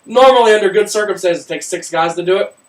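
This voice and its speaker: A man co-hosting a podcast, telling a work story in a loud, profane, animated way. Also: sits high, fast talker. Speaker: podcast co-host. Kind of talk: casual storytelling chat. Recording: roomy room, mic at a distance.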